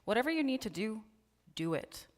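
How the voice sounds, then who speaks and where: A woman leading a guided prayer and reflection at a church service, speaking in a slow, hushed, partly whispered voice. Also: fairly high pitch, big pitch swings. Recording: long reverb of a large hall.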